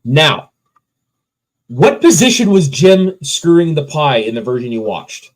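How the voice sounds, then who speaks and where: A man's voice: a little high, very animated, a little slow, poor audio. A man co-hosting a casual movie review podcast, sharing trivia and laughing often. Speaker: podcast co-host.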